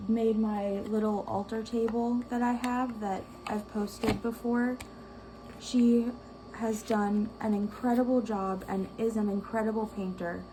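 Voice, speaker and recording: A young woman hosts her tarot vlog in a relaxed, unhurried way. Her voice is mellow and soft-edged, and she gushes with open enthusiasm, at medium pitch. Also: slight background noise, rough recording. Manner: gushing, enthusiastic. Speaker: tarot vlogger. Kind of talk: casual chat.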